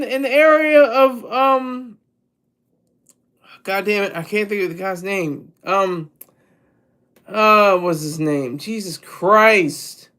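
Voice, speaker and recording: A man's voice: high voice, a bit bright. A man from Delaware giving rambling, jokey solo commentary, often cutting himself off mid-word. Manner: rambling, jokey, self-interrupting. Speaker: vlogger.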